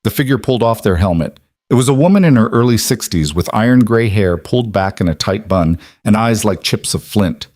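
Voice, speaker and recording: Low-voiced male story narrator. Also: lively intonation, fairly quick, darkish tone, no room sound, studio quality. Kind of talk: scripted narration.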